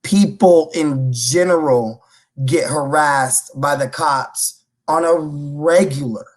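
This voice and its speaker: A man's voice: fairly high pitch, slow pace. A man co-hosting a podcast, chatting casually and reacting emphatically. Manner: emphatic, exclamatory. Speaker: podcast co-host. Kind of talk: casual chat.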